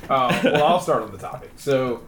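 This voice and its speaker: A man's voice: medium pitch, lively intonation, normal speed, a crowd in the background. A man giving his view in a laid-back, rambling way during a group chat. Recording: echoey room, faint noise.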